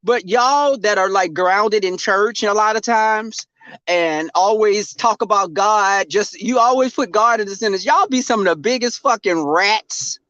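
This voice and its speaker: Speaking at a measured pace, this high-voiced Texas man with a Southern drawl sounds bright and forceful. He's a livestream host ranting casually, brash, profane, and sassy, outdoors in the cold, and the sound is dull and dry with no room sound.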